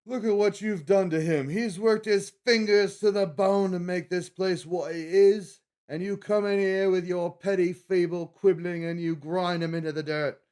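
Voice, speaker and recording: A man voices an outraged cook who bellows in a put-on British accent, his pitch shoved far above his normal speaking range and his volume pushed hard. The rant sounds theatrical and indignant, in the manner of a film scene being quoted. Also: fairly even intonation, moderate pace, few pauses, darkish tone, clean tone, natural voice. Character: furious male cook ranting in defense of his boss.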